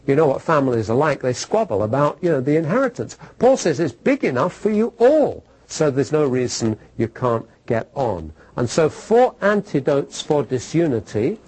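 A man's voice: mid-range voice, a little mellow, husky, rough recording. A man preaching a sermon to a congregation in a conversational way, asking rhetorical questions and telling stories. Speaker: pastor.

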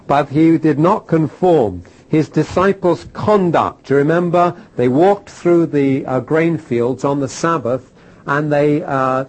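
A man teaching a Bible class, animated and repeating key phrases for emphasis, with filler "uh"s. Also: a little high, slightly rough, poor audio. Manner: uses fillers like "uh".

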